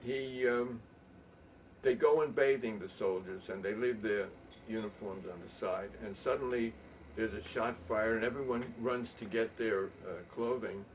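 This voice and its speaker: An older man telling a long rambling story, halting with many ums and restarts. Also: fairly low pitch. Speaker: poet and storyteller. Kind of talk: rambling spoken reminiscence. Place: home loft. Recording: distant mic, faint room noise.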